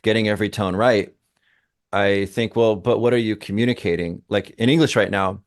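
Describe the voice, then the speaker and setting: A man with a fairly low voice co-hosts a podcast discussion. He talks in an emphatic, engaged way, working his ideas out aloud with small restarts. The sound is a close podcast microphone. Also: steady tone, normal speed. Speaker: co-host, language teacher.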